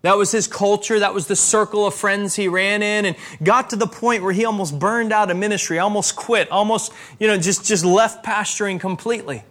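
A man preaching a sermon as a pastor, with emphatic rises and slow, stressed repetitions. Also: sits high, fairly even intonation, fairly bright tone.

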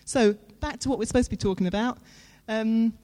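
A woman with a fairly high-pitched, warm and mellow voice preaches a sermon. Her tone with the congregation is earnest and conversational, punctuated by dramatic pauses.

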